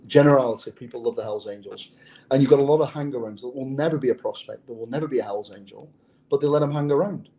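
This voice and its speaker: A man tells his undercover past in a casual interview, speaking bluntly and swearing freely. His voice is dark and mellow, and he keeps doubling back on his words as he goes. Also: mid-range voice, fast. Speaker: former undercover officer, guest.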